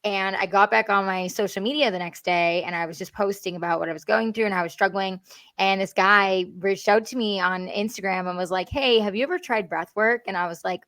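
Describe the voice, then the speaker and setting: A woman talks as an interview guest in earnest, chatty runs, full of fillers. Her voice sits at a middling pitch. It is recorded dry and close, with no room sound. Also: fairly even intonation, a little fast, fairly bright tone, no echo. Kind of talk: candid interview conversation.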